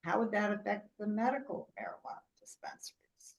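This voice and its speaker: A woman's voice: mid-range voice, animated, brisk, gravelly. A woman commissioner at a city zoning meeting who raises a technical question in a hesitant way.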